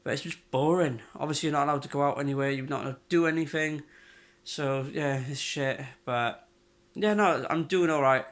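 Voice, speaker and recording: A man's voice: a little high, brisk, a bit bright. A young man, ill with covid, talking casually and matter-of-factly to camera in a home vlog, full of fillers. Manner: chatty and matter-of-fact, with lots of fillers. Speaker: vlogger.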